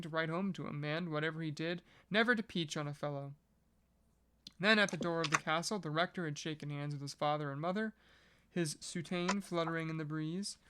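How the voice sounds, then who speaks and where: Measured, smooth-voiced novel reader. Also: medium pitch, fairly bright tone. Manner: measured reading with casual joking asides. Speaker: podcast reader. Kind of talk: reading a novel aloud.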